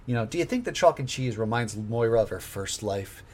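A man's voice: mid-range voice, animated, a little fast, darkish tone. A man co-hosting a podcast in casual chat, rambling with wry asides and frequent restarts. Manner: rambling, wry, self-interrupting. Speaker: podcast co-host.

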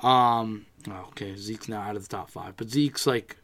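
A man's voice: on the low side, normal speed, fairly bright tone. A man co-hosting a casual sports podcast, ranting with plenty of profanity and frustration. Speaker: podcast co-host.

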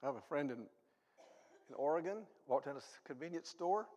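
A man preaching a sermon as pastor, shifting from quiet asides to loud exhortation, with self-deprecating humor. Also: a little fast, big-room sound. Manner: animated, swings from low asides to loud exhortation; self-deprecating humor, reads ads aloud for laughs. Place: church sanctuary.

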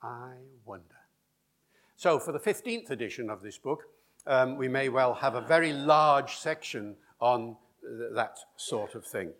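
A man's voice: medium pitch, lively intonation, unhurried, fairly bright tone. A man giving a public lecture on language, acting out speech rhythms as he talks. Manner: demonstrates speech rhythms aloud.

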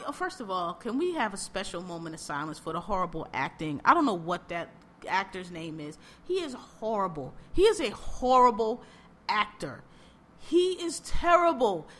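A woman on a podcast tearing into a TV show in loose, blunt conversation. Her voice sits a bit high and comes across bright and forceful, and she piles up repeated words as she gets worked up. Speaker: podcast co-host. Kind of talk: casual chat reviewing a TV show.

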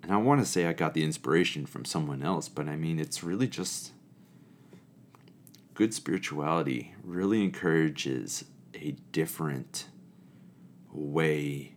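A man with a low, deep voice tells a story from his camp counselor days. He is animated and expressive, then shifts into reflective spiritual musing. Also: measured pace, a little hiss or hum. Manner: animated and expressive, acting out quoted people. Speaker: storyteller sharing a camp memory.

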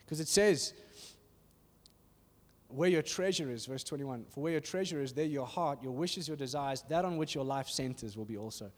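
A man preaching a sermon in a church hall in an animated, conversational way, often asking "are you with me?". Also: mid-range voice, moderate pace. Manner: animated and conversational, acting out little voices, asks "are you with me?". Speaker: pastor. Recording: reverberant hall.

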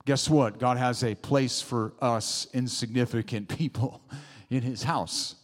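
A man's voice: mid-range voice, steady tone, a little slow. A man preaching a sermon in a church, emphatic, with rising exclamations and call-and-response asides to the congregation. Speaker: pastor. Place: church sanctuary. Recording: long hall reverb.

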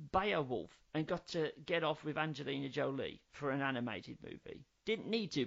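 A man's voice: medium pitch, gravelly, muffled recording. A man co-hosting a casual film-review podcast, ranting in an exasperated, sweary way. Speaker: podcast co-host.

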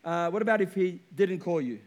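A coaxing, insistent devil, a tempting male spirit who keeps pressing his offer, as a preacher puts him on. The voice sits fairly high for a man and stays smooth in a sermon retelling. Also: lively intonation, a little fast.

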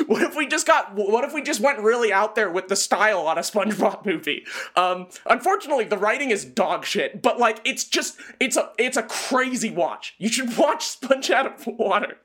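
A woman's voice: mid-range voice, animated, normal speed, a bit bright. A woman co-hosting a casual podcast chat, blunt and opinionated, laughing often. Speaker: podcast co-host.

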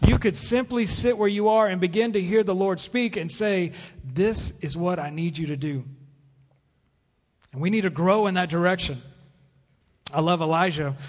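A man preaches in an earnest, paused way. His voice sits fairly high for a man. The sound carries the long reverb of a church sanctuary. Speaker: pastor. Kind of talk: sermon.

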